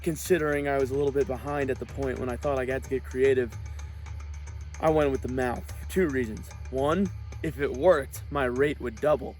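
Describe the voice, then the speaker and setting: A man in a confessional interview, measured and reasoning his plan step by step. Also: medium pitch, fairly even intonation, a little mellow, soft background music. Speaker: contestant.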